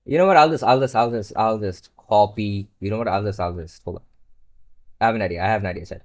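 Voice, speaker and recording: A man's voice: lowish voice, fast talker, a little mellow. A young man who is not a native English speaker, chatting casually on a live stream while coding, rambling and swearing when frustrated. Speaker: livestreamer.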